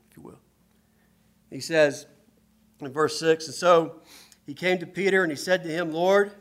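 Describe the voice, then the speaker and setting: A man preaching a sermon, moving between hushed storytelling and loud, emphatic passages as he quotes scripture. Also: a little high.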